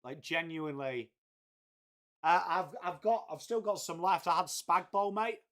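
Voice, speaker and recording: Male streamer with a higher voice, chatty laddish banter, swears freely. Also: a little slow, fairly bright tone. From England, Whitby. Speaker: livestream host. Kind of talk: casual live watchalong chat, reading viewer messages.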